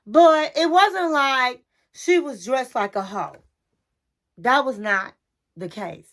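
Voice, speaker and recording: A woman's voice: high voice, takes it slowly, fairly bright tone. A woman hosting a casual reality TV recap, chatty and sassy, talking straight to the listener.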